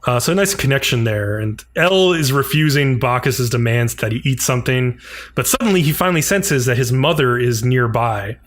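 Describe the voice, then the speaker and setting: A man's voice: mid-range voice, normal speed. A man co-hosting a podcast, casually recapping an episode and briefly acting out the characters' lines. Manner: animated retelling, frequent "like", acts out characters' lines. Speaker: podcast co-host.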